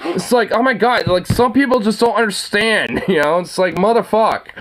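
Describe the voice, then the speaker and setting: A man's voice: high-pitched, normal speed, a bit bright. A young man hosting a casual solo talk, ranting with lots of fillers, swearing and frequent laughter.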